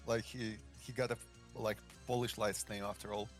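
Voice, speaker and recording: A man in casual chat on a stream, speaking hesitantly and quickly. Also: on the low side, flat delivery, over loud music. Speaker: guest on stream call.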